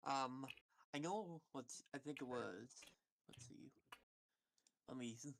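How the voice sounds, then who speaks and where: A male guest on a gaming stream talks in a halting, hesitant way, full of pauses. His mid-range voice carries a rough, gravelly fry. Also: mid-range voice, a bit bright. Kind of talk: casual gaming stream chat.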